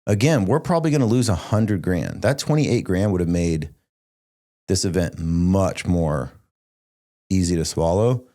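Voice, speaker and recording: A young man hosting a podcast in casual chat, talking in an animated, emphatic way with lots of "like". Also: low voice, unhurried. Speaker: podcast host.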